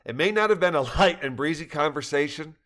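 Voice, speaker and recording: An older man reading a personal story aloud, earnest and reflective, with occasional soft laughs. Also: on the high side, animated, a little fast. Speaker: narrator.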